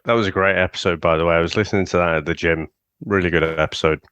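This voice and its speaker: A man in his fifties chats as a podcast guest, joking and swearing freely. His voice is low and smooth, recorded dry and close with no room sound. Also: steady tone, racing, fairly bright tone, dry recording, highs cut off. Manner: jokey, swears freely, banter. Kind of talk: casual podcast chat.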